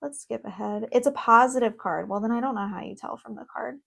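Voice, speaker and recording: A young woman with a fairly high voice talks into her own microphone at home, reviewing an oracle deck. She reads card meanings aloud, then breaks into excitable, chatty asides and quick laughs. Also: creaky. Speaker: tarot content creator. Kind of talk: casual deck review vlog.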